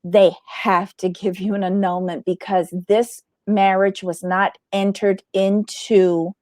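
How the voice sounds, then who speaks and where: A woman hosts a casual commentary show about reality TV, and she talks bluntly and with plenty of energy. Her pitch sits in the middle, and her voice sounds close and dry with almost no room sound. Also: takes it slowly, no echo. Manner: animated, blunt, swears, acts out quotes.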